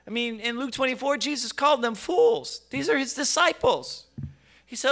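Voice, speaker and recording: A man preaching a sermon with emphasis and rhetorical questions, repeating words as he goes, swinging from quiet to loud. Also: very high voice, moderate pace.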